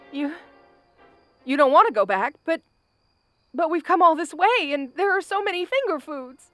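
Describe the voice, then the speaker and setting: A woman's voice: high voice, a bit bright, no echo. A woman voicing a brash but anxious young orc woman in an audio role-play, stammering, laughing nervously and insisting she is fine. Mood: stubborn.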